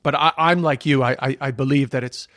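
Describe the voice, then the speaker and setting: A man's voice: mid-range voice, fairly even intonation, brisk, a bit bright, no room sound, studio quality. A comedian talking casually and reflectively, often stammering as he restarts sentences. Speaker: podcast host, comedian. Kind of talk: casual chat.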